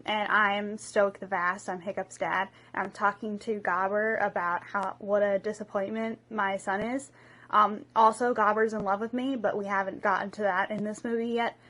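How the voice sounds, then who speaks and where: A woman's voice: medium pitch, a bit bright. A young woman doing a comic, self-mocking retelling of a movie, acting out all the parts herself. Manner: breathless, jokey and self-mocking. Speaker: comedic solo performer.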